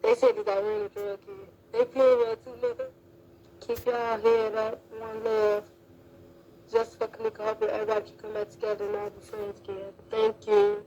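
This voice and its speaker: A woman's voice: on the high side, moderate pace, mellow, highs cut off, slight background noise. A woman in casual live-stream chat, talking loosely and slangily straight to her viewers.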